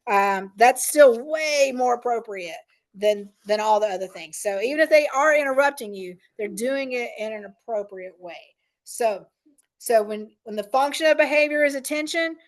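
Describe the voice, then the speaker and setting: A middle-aged woman leading a parent training session in a casual, conversational way, often checking in with "right?" and "um". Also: high-pitched. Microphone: meeting recording.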